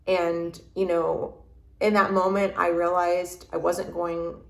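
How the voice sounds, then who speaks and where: A woman guest telling a personal story in an interview, halting and restarting often as she searches for words. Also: on the low side, level tone, vocal fry. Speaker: podcast guest. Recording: roomy echo.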